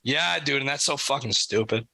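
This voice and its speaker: Young male podcast co-host, bright voice, lively profane storyteller, dry close sound. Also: medium pitch, normal speed, gravelly, dry recording, low-quality recording. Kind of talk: casual chat.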